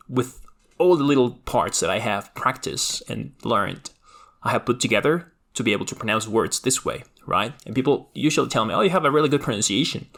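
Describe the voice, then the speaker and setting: A man's voice: medium pitch, gravelly, bright, forceful tone. A young man, a native Spanish speaker, teaching a language lesson and explaining points to the viewer while checking in often. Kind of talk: educational video lesson.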